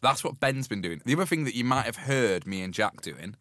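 A man's voice: mid-range voice, animated, a little fast, a bit bright, no echo, clean studio sound. A man co-hosting a podcast in easygoing, wry casual chat. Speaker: podcast co-host.

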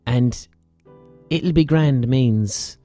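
An Irish man tells a sweary comic story, ranting with lively asides. His voice is mellow and relaxed, recorded dry and close with no room sound. Faint music sits underneath. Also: mid-range voice, very slow, no echo. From Ireland. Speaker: comedian and podcast host. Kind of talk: profane comic storytelling monologue.

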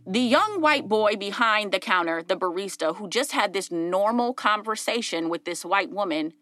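A woman hosting a podcast, telling stories in animated casual chat, acting out voices and laughing often. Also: medium pitch, moderate pace, no room sound. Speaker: podcast host.

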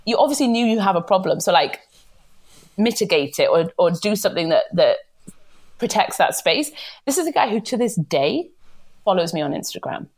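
A young woman telling a personal story in a candid, blunt, animated way. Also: mid-range voice, normal speed. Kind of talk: candid casual chat.

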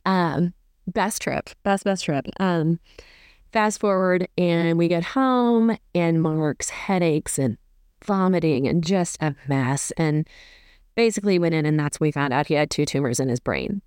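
Podcast lady telling a story, smooth lowish voice, rambly and fond, dry close sound. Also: a little slow, a little mellow, dry recording. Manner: rambling, self-correcting recollection; emotional, fond remembrance. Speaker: podcast host. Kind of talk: unscripted personal storytelling.

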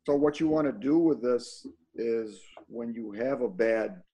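A man's voice: mid-range voice, a little slow, mellow, breathy edge, rough recording. A man co-hosting a casual roundtable, giving blunt, plainspoken practical advice.

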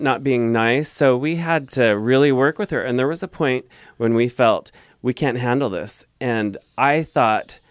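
Earnest man with a smooth voice. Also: mid-range voice, dry recording, clean studio sound. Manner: earnest, heartfelt, rambling. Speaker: guest. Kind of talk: casual interview storytelling.

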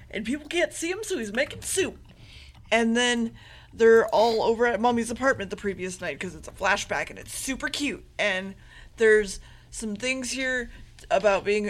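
A woman's voice: on the high side, expressive, moderate pace, a bit bright. A woman co-hosting a podcast, summarizing an anime episode in a chatty, run-on way. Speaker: podcast co-host. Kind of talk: casual anime recap chat.

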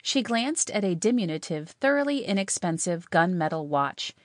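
A woman narrating a story in a measured, expressive way. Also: on the low side, no echo, studio quality.

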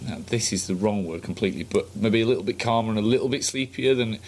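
A man's voice: lowish voice, quick pace, darkish tone. A man co-hosting a casual political podcast, joking and teasing himself as he talks. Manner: jokey, self-mocking banter. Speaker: podcast co-host.

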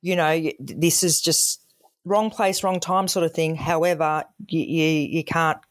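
A woman's voice: sits low, steady tone, unhurried, no echo, studio quality. A woman with an Australian accent, a former emergency call operator, frankly recounting calls in a podcast interview. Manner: frank storytelling, acts out callers' voices.

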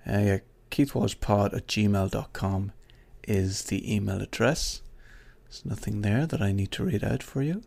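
A middle-aged Irish podcast host with a low, gravelly, slightly husky voice. He rambles through his sign-off in a casual, swearing, joking way. His asides go to an imagined coworker. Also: measured pace, a little mellow. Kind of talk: casual solo podcast outro.

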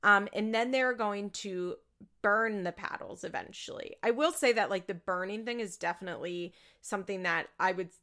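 A woman's voice: mid-range voice, normal speed, sharp tone. A woman recapping a reality show in casual, chatty talk, laughing often and swearing freely.

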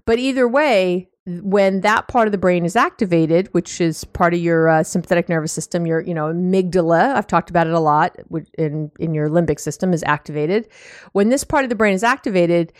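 A relationship coach and podcast host talks in a fairly low, quick voice with a dry, close sound and no echo. Animated and warm, she teases her listeners, acts out little quoted exchanges, and says "you know" often while explaining things casually.

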